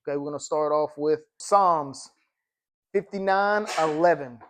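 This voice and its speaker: A man's voice: fairly high pitch, a bit bright, a little hiss or hum. A man with a slightly raised voice leads an informal Bible study. He reads scripture and word definitions aloud in a patient, explanatory way. He punctuates almost every phrase with a questioning "okay?". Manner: explains slowly with frequent "okay?" check-ins.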